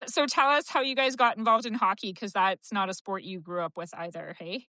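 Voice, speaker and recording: A woman's voice: medium pitch, fairly even intonation, fairly quick, pushed and bright, dry recording. A woman hosting a podcast, chirpy and blunt, laughing often in casual chat. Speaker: podcast host.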